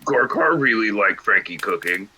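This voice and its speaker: A man's voice: fairly low pitch, animated, moderate pace, pushed and bright, slight background noise. A man voicing a simple, hulking male warrior who speaks in broken sentences and refers to himself in third person. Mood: earnest.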